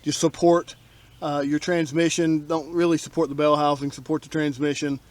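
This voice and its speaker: A man's voice: on the high side, flat delivery, moderate pace, darkish tone, no room sound. A man explaining his own car repair outdoors in a blunt, wry, casual how-to style, grumbling about shoddy work. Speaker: DIY car repair vlogger. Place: outdoors working on a Jeep.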